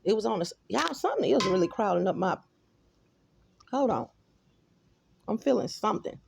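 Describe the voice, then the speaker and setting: A woman with a Texan accent rambling excitedly to her viewers in a casual phone vlog, often calling them y'all. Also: mid-range voice, moderate pace, vocal fry, noisy background. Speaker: vlogger. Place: apartment and stairwell, indoors. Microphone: phone camera held close.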